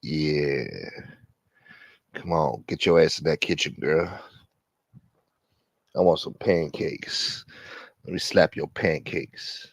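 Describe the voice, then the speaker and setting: A man putting on the voice of a drowsy, smooth-talking man just out of bed, low, slow and crooning. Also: no room sound, heavily acted. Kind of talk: comic put-on voice.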